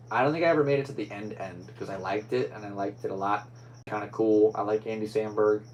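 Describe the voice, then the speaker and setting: Man, solo podcast host, casual rambling chat, lower voice, faint hum. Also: poor audio. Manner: rambling, easygoing, upbeat sign-offs.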